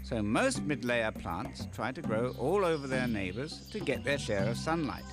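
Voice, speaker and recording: A man's voice: mid-range voice, big pitch swings, normal speed. A man giving scripted comedic narration for a nature documentary, with playful joking asides. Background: music.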